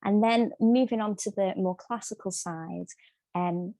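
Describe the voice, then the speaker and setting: A woman's voice: mid-range voice, measured pace, warm tone, no echo. A woman singer answering questions as a podcast guest, hesitant and full of ums and restarts. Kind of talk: casual interview answers.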